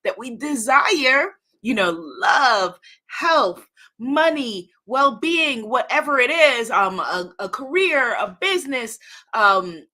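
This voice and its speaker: A woman's voice: high voice, expressive, slow, bright, forceful tone. A woman hosting a casual live-streamed spiritual talk, greeting viewers by name and exclaiming happily, recorded at home on a computer or phone mic. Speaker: host of a livestream spiritual talk. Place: at home in New York City.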